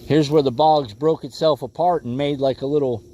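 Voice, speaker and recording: A man's voice: on the high side, fairly even intonation, normal speed, mellow, a little hiss or hum. A man hosting a casual fishing livestream from a boat, laid-back and calling viewers "bro" and "bud.". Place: outdoors on a boat on a lake.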